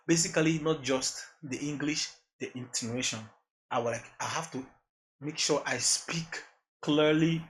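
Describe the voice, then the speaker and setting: A man with a Nigerian accent who mixes in Pidgin, a music producer talking about his journey as a podcast guest, earnest and reflective, repeating phrases as he thinks. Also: medium pitch. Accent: Nigerian, mixing in Pidgin. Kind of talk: casual interview chat.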